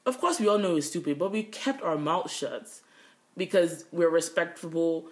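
In a lowish voice at moderate pace, a young woman co-hosting a podcast shares a work story in casual conversation, venting with plenty of swearing. The recording has an echoey room sound.

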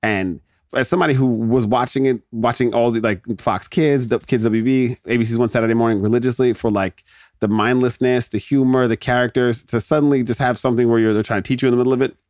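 A man's voice: medium pitch, steady tone, fast, a little mellow, dry recording, studio quality. A man in his thirties hosting a podcast, ranting casually and jokily, often interrupting himself. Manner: rambling, jokey, self-interrupting. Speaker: podcast host. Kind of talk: casual solo rant.

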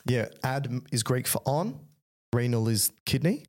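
A man's voice: mid-range voice, animated, a little slow, darkish tone. Joking man explaining physiology. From Australia. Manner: playful, jokey, explains step by step. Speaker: podcast co-host. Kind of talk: casual educational chat.

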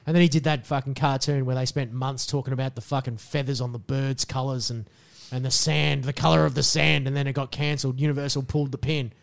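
A man co-hosting a podcast, slightly hoarse, in loud, animated, swearing banter. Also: medium pitch, quick pace. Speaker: podcast co-host. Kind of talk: casual chat.

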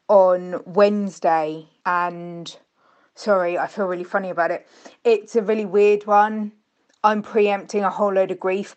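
A woman calling in by voicemail, soft and halting as she reads a tearful letter. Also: fairly low pitch. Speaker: caller. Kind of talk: voicemail message, emotional reading.

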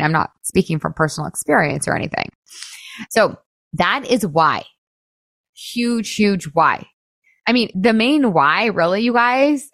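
Female coach, casual podcast host, low-ish voice, upbeat and chatty with lots of "like", dry close mic. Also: dry recording. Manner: chatty and upbeat, full of "like" and quick laughs.

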